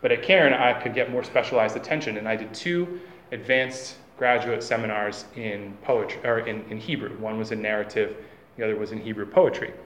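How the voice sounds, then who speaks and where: A man giving a classroom lecture, halting, with many fillers and restarts. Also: on the low side, fairly bright tone, reverberant, a little hiss or hum.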